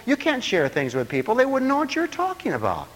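A man preaching a lively sermon, breaking into laughter and playful asides. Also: brisk, big-room sound, a little hiss or hum. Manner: animated, swooping pitch, laughing asides.

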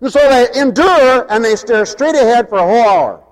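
A man preaching a sermon, mocking and animated, swinging from loud to hushed. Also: extremely high pitch, normal speed. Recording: long hall reverb.

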